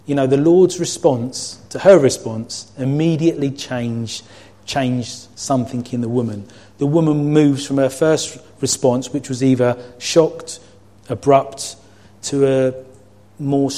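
A man delivering a sermon with a mellow, warm tone at a middling pitch. He talks earnestly and reflectively, teaching from scripture point by point. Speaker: preacher.

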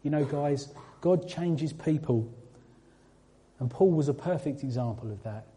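Dark-voiced man preaching casually. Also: on the high side, a little slow. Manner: conversational, with fillers and restarts, addressing the room. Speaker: church speaker. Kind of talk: informal sermon to a congregation.

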